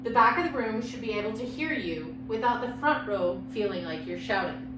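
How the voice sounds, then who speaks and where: A woman with a fairly high, loud voice teaches a class, her pitch rising and dipping expressively. She sounds distant from the microphone in an echoey room, with a steady hum underneath. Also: a little fast. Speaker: lecturer. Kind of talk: recorded lecture. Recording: echoey room, mic far off, background hum.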